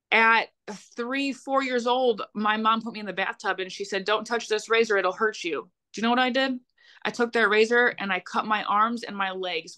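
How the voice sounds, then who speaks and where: Woman, young adult, podcast guest, blunt, heated, swears a lot, bright tense voice. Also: mid-range voice. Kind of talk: emotional personal storytelling.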